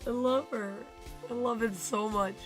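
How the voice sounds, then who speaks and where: A woman streaming a visual novel, reading it aloud and breaking in with excitable, gushing reactions. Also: on the high side, measured pace. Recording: game music behind the voice.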